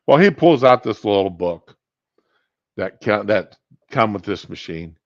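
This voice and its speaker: Animated middle-aged man telling a story. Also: lowish voice, a little slow, dry recording. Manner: animated, rambling anecdote with self-corrections. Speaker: podcast host. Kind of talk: casual storytelling monologue. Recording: dull lo-fi sound.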